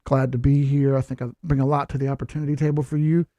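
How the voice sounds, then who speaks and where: A man acting out a polite, formal job applicant who speaks quietly and measuredly. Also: medium pitch, little pitch movement, no room sound, highs cut off, pitched below the performer's own voice, natural voice. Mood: polite, composed. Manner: soft, measured, businesslike.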